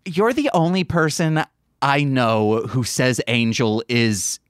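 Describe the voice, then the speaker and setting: A man co-hosting a podcast in casual chat, relaxed and teasing, with bursts of enthusiasm. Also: mid-range voice, slow pace, smooth, no echo, clean studio sound. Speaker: podcast co-host.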